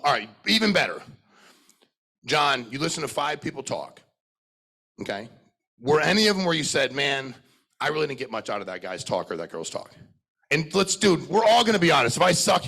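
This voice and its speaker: A middle-aged sales trainer speaks to a live crowd in a rough, gravelly voice that sits a little high for a man. He is blunt and profane, full of energy, and turns to challenge people in the audience. A husky edge runs through his voice. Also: pushed and bright.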